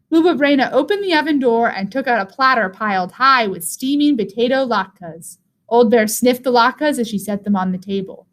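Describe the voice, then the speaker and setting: A woman teacher reads a children's picture book aloud in an expressive storytelling voice. She sits a little high and her pitch rises and falls a great deal, in a lively, singsong way. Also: normal speed. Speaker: teacher reading to young children.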